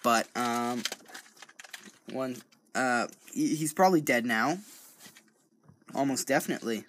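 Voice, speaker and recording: A man's voice: medium pitch, unhurried, long pauses, fairly bright tone, a little hiss or hum. A man casually reading a true-crime account aloud, often stumbling over words, correcting himself and breaking off into joking asides. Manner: stumbling, self-correcting, rambling. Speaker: true-crime reader and commentator. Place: home recording studio.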